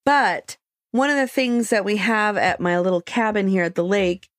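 A woman's voice: medium pitch, normal speed, dry recording, studio quality. A woman co-hosting a casual podcast from a lakeside cabin, chatting and telling stories with amusement. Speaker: podcast co-host. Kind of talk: casual chat.

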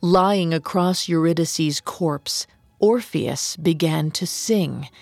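A woman narrating a myth in measured, dramatic scripted storytelling. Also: low-pitched, vocal fry, dry recording, faint music behind.

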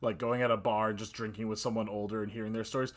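A man's voice: fairly low pitch, little pitch movement, fast. A man co-hosting a podcast, chatting about a film in a rambling way full of fillers. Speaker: podcast co-host. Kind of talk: casual film discussion.

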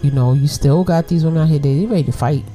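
A woman's voice: deep voice, quick pace, warm tone, faint music behind. A woman in her forties with a Brooklyn accent, hosting a podcast and chatting casually to women listeners, often laughing and checking in with "right?". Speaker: podcast host.

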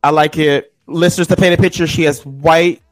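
A man co-hosting a podcast, chatty and slangy, quick to jump in. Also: on the high side, steady tone, no echo, soft background music, low-quality recording. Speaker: podcast co-host. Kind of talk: casual chat.

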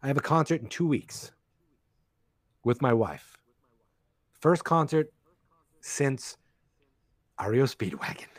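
Jokey, rambling male guest on a podcast, medium pitch, dry close sound. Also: lively intonation, takes it slowly, pauses often, dry recording. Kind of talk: casual podcast chat.

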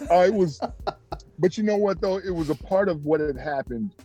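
At a normal speed, a man who once played pro basketball shares stories in a laid-back interview, lively and pitching up when he mimics other people.

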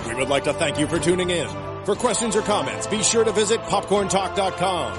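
A grand, formal gentleman announcer, performed by a man, with a high, swooping delivery. Loud music plays under the voice. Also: expressive, fairly quick. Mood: stately. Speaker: network outro announcer. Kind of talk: formal scripted sign-off.

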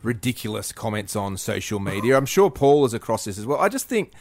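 A man's voice: on the low side, sing-song, a little mellow. An Australian man, a podcast co-host, ranting in a fired-up, indignant way. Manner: indignant, rapid-fire complaints.

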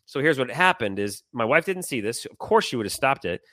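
Man, middle-aged, podcast co-host, animated storyteller, swears, bright tense voice, dry sound. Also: mid-range voice, brisk, no echo. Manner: animated, swearing, acts out quoted people. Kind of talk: casual storytelling chat.

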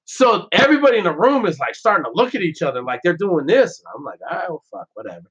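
His husky voice sits high and moves fast, with few pauses, as this former Navy SEAL guest tells animated, profane, brash stories in casual conversation. Podcast audio is dull and lo-fi.

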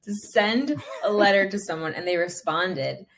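A woman's voice: medium pitch, lively intonation, normal speed. Woman host, enthusiastic and chatty. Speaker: podcast host. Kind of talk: casual interview chat.

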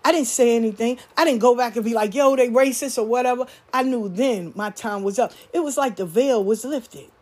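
Woman, high voice, blunt and profane, animated storytelling. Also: fairly quick, few pauses. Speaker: spiritual practitioner. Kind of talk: candid storytelling monologue.

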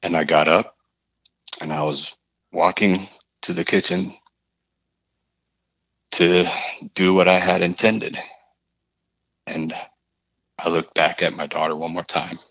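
A man, a podcast guest, telling a personal story in a halting, earnest way, often repeating his phrases. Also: low voice, flat delivery, a bit bright, no room sound, highs cut off.

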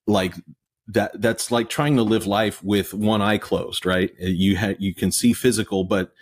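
A man hosting a conversation, speaking in a fairly low voice. He answers in a measured, thoughtful way with a few fillers. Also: steady tone, slightly rough. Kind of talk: conversational reply.

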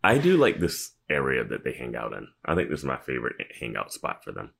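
A man with a very deep, gravelly voice chats casually as a podcast co-host. His pitch swings freely, and his remarks sound relaxed and offhand. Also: a little fast. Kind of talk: casual chat.

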